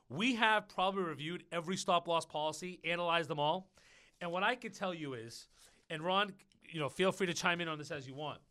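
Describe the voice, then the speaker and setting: A man hosting a business podcast, chatty and animated, telling stories straight to his listeners. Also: high voice, no room sound, clean studio sound. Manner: chatty, storytelling, addresses listeners as folks. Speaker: podcast host. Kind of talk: casual business podcast chat.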